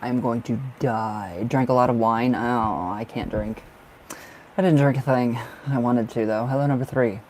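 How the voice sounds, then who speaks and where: A man's voice: medium pitch, normal speed, a little mellow, slight background noise. A man doing live-stream tarot readings, chatty and giggly, who calls viewers by name and sounds cold and bundled up. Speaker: tarot reader.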